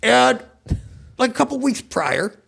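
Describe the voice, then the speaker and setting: A man voicing a cheerful, self-pitying adult male goblin, talking as a podcast guest in a rambling, excitable way. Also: very high-pitched, a little slow, exaggerated voice. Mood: storytelling. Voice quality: gravelly, husky. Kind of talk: comedic character chat.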